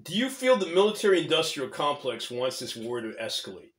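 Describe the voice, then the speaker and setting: A man's voice: a little high, sing-song, brisk. A man co-hosting a casual political chat, hesitant with fillers and joking asides. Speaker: podcast co-host. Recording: echoey room.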